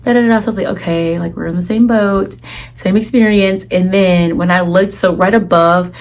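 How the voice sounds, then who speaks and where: A woman's voice: lowish voice, moderate pace. Chatty young woman telling a story. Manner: chatty, animated retelling with lots of "like" and quoted dialogue. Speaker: vlogger. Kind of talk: casual storytelling to camera.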